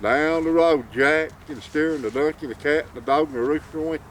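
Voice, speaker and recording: A man's voice: fairly high pitch, normal speed. Folksy man telling a folk tale. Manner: drawling, folksy, chuckling. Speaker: storyteller. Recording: distant mic, faint outdoor noise.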